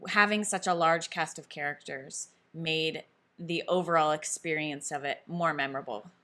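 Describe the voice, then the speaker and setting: A woman's voice: deep voice, fairly even intonation, moderate pace, bright, forceful tone. A woman co-hosting a book chat, mostly chiming in with short agreement and questions. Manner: brief agreeing responses and questions. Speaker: book review co-host.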